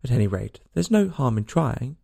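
A man's voice: medium pitch, sing-song, moderate pace, gravelly, mellow, slightly rough, heavily acted. A man voicing a polite, curious young girl who chatters eagerly and earnestly in a storybook reading. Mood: wondering.

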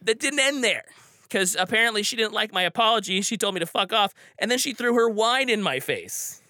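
A man's voice: sits high, brisk, sharp tone, no room sound, studio quality. A man telling a personal story casually, rambling with frequent restarts and fillers. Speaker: storyteller guest.

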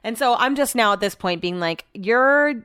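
Woman podcast host, smooth clear voice, dry close sound, rambling and exasperated. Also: mid-range voice, expressive, brisk, a bit bright, no echo. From America. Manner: chatty, exasperated, swears freely. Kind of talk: casual solo podcast chat. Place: small room at home.

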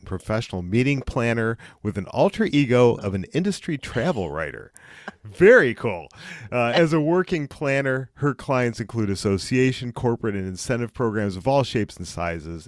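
A man's voice: on the low side, dry recording, studio quality. A man hosting a podcast interview, upbeat and enthusiastic. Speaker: podcast host.

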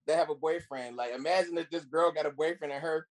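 A man in casual podcast chat, telling personal stories quickly. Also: fairly high pitch.

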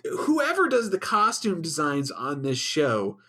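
A man with a somewhat high, husky voice co-hosts a loose comedy podcast about a TV show. He delivers crude, profane put-downs with a biting edge, tearing into what he watched. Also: wildly swooping pitch, a little slow, bright, forceful tone. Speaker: podcast co-host. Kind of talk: casual comedic show recap.

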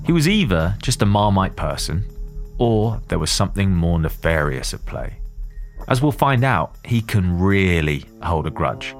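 A man from southern England narrates and interviews for a documentary podcast in a friendly way, laughing easily. His voice is fairly low but swings widely in pitch, with faint music behind him. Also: very animated, measured pace. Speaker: host and journalist.

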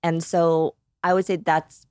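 A woman in her thirties co-hosts a podcast, her voice low, flat, unhurried and darkish in tone. She chats casually, emotional and grateful, rambling with lots of "like"s. The studio-quality recording has no room sound.

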